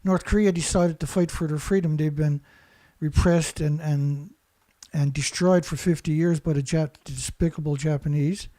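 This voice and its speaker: A man hosting a show launches into an angry monologue packed with insults, repeating himself as he rants. His voice sits on the high side and sounds mellow, with fairly even intonation and a moderate pace.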